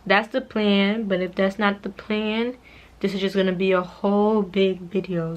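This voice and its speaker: A woman's voice: medium pitch, poor audio. A young adult woman chatting casually to her viewers in a vlog, rambling and addressing them as y'all, from her bedroom. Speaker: vlogger.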